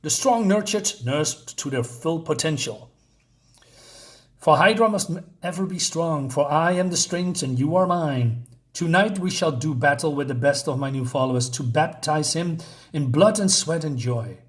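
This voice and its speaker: A cruel villainess with a taste for grand speeches, as a man reads her lines aloud. The voice sits a little on the high side for a man, and the reading stays plain, close to his everyday talk. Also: normal speed, lightly acted. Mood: proclaiming.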